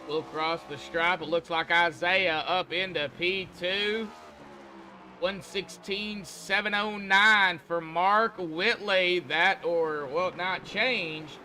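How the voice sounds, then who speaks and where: Bright, high-voiced man calling a sim race. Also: slow pace, a little hiss or hum. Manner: chatty, folksy, calls people buddy. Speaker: race broadcaster. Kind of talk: sim racing commentary.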